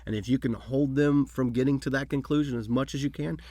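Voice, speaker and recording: A man's voice: mid-range voice, fairly even intonation, a little fast, mellow, no room sound. A man hosting a podcast, chatting casually, joking and explaining in loose phrases. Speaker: podcast host. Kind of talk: casual chat.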